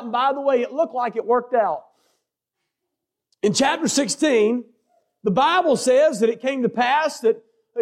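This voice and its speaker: High-voiced preacher. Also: male voice. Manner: preaching with rising, shouted emphasis and asides. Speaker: pastor. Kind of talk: sermon.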